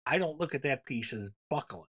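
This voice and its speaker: A man's voice: mid-range voice, animated, brisk, a bit bright, breathy edge. A man co-hosting a casual podcast chat, rambling enthusiastically with lots of fillers. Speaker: podcast co-host.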